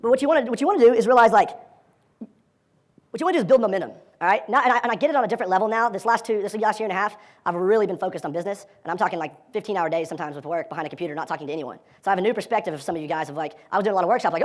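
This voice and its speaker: A man teaching a live dating seminar, energetic and profane, acting out quoted lines as he talks to his audience. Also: sits high, very fast.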